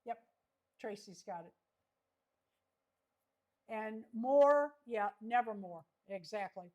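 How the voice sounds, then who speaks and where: A woman hosting a livestream trivia chat, reading each question slowly and repeating it. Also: on the high side, lively intonation, darkish tone. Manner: slow, reads questions twice. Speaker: host.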